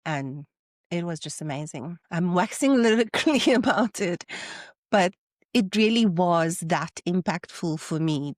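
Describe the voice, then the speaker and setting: Low-voiced woman, dry recording. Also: dry recording. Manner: animated, acts out quoted people with rising pitch. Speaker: podcast host. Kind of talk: casual solo podcast talk.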